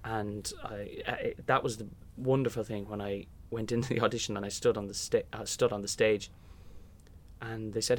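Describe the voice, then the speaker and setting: A young man from Ireland, who performs in musical theatre, speaks at a moderate pace in a fairly low voice. In a relaxed interview he tells anecdotes with energy, acting out the voices of the people in them.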